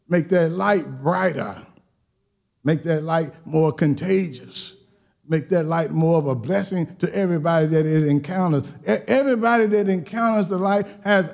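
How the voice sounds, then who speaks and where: A male pastor delivering a sermon in a high, gravelly voice. He repeats and stacks his phrases, building steadily toward loud, emphatic peaks.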